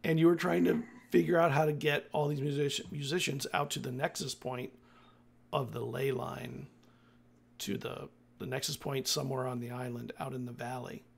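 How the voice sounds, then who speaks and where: A man's voice: medium pitch, level tone, moderate pace, gravelly, slightly rough. A man acting as game master, recapping the last session of a tabletop game in a loose, chatty way that often corrects itself.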